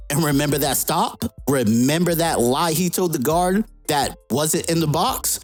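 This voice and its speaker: A woman hosting a comic book recap, narrating in a lively, conversational way. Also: low voice, unhurried, hardly any pauses, soft background music.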